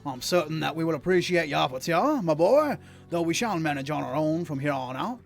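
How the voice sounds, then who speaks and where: This is a tall, stately tree-man who leads a band of travellers in a fantasy game, as a man playing him pushes his voice up and speaks louder. His speech is formal and grand in an old-fashioned way. It sounds like someone reading game dialogue aloud with voices. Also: fairly high pitch, expressive, brisk, creaky, soft background music. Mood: blustery. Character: tall wooden tree-man, stately male group leader.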